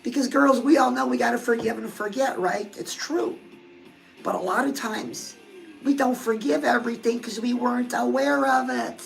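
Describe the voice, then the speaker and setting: High-voiced chatty advice woman. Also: normal speed, creaky, soft background music, low-quality recording. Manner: chatty, confiding, addresses listeners as girl. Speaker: love and dating advice host. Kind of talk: casual advice talk to viewers.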